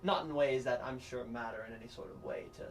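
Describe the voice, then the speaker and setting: A man's voice: medium pitch, fast, vocal fry, soft background music, natural voice. A man voicing Sir Pudgemore, a pompous portly nobleman, in a stiff formal manner. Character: pompous portly male noble, flustered suitor. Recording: distant mic, faint noise.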